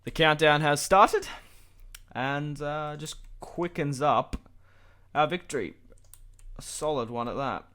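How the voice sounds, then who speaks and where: A man's voice: a little high, takes it slowly. A young man giving casual, chatty commentary over a strategy game, thinking aloud as he plays. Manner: chatty and relaxed, thinking aloud, with light laughs. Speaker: channel host, gameplay commentator.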